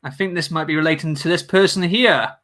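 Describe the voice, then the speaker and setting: Bright, chatty man streaming. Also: a little high, a little fast. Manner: jokey, chatty, talks to viewers. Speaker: livestream host. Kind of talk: casual livestream chat while building.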